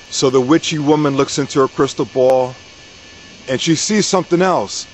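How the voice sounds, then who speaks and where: A man telling a story casually and in a folksy way, with mid-range pitch. He repeats phrases in a relaxed rhythm. A faint hiss runs under the recording. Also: moderate pace, low-quality recording.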